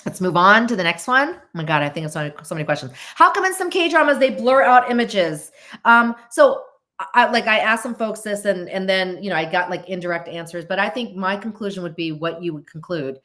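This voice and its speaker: A woman's voice: medium pitch, animated, a little fast, a bit bright. A middle-aged woman hosting a podcast, chatting casually and answering viewer questions, often breaking off her sentences and laughing. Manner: chatty, self-interrupting, laughs easily. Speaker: podcast host.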